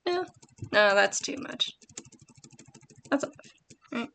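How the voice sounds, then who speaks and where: A woman vlogger thinking aloud about writing, soft and hesitant, often correcting herself. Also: fairly high pitch, lively intonation, takes it slowly, creaky, a little hiss or hum. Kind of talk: thinking aloud while typing.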